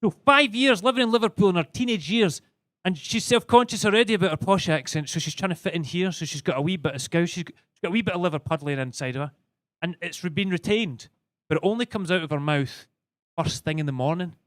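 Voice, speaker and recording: A man's voice: sits high, quick pace, dry recording. Scottish man doing stand-up. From Scotland. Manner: rambling, self-interrupting, with stammered restarts. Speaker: stand-up comedian. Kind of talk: stand-up set. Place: comedy club stage.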